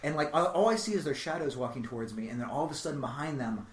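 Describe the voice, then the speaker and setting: A man telling a long story on a casual podcast, animated and growing louder as he quotes himself. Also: medium pitch, fast talker. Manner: animated, voice rises to near-shouts when quoting himself. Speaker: comedian guest telling a story. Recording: echoey room with faint noise.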